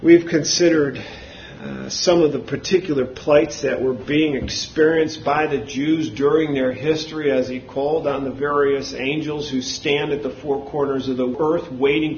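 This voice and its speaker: Slow, high-voiced preacher, booming and hushed. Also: male voice. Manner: swings from booming shouts to low murmurs. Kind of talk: sermon. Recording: roomy, dull hall recording.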